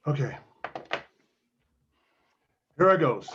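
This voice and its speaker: A man acting student reading a scene in class, speaking slowly and haltingly over a video call. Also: medium pitch, muffled recording. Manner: halting, slow delivery with sighs.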